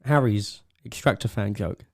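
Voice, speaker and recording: A man's voice: fairly low pitch, moderate pace. A man co-hosting a casual podcast, telling a long rambling joke with frequent laughs and trailing asides. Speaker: podcast co-host. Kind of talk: casual chat.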